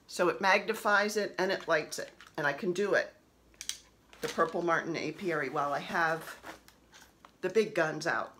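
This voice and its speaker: Slow, bright-voiced chatty New woman. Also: fairly low pitch, a little hiss or hum. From New Jersey. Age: 50s. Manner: chatty, rambling, laughs often. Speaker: cross-stitch vlogger. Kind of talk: casual show-and-tell chat.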